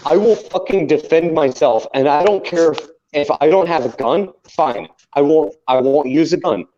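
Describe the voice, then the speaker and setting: A man's voice: on the high side, normal speed, dark tone. A man co-hosting a podcast in casual chat, ranting heatedly and swearing constantly. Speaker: podcast co-host. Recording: dull lo-fi sound.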